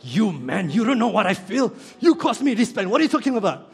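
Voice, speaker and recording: Man putting on an enraged woman in labor, raised voice, loud and accusing. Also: sits high, very animated, brisk, gravelly, breathy edge, pitched above the performer's own voice, exaggerated voice. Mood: furious. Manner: shouting accusations. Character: woman in labor, furious and in pain.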